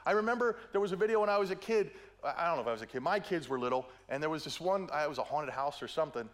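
A man's voice: on the high side, expressive, racing. A middle-aged man preaching a sermon, telling stories playfully, acting out quotes and often checking in with "right?". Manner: playful storytelling, acts out quotes, keeps asking "right?".

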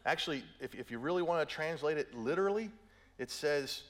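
A man's voice: a little high, animated, a little fast, a bit bright. Playful middle-aged male preacher. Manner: playful storytelling, acts out quotes, keeps asking "right?". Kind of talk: sermon.

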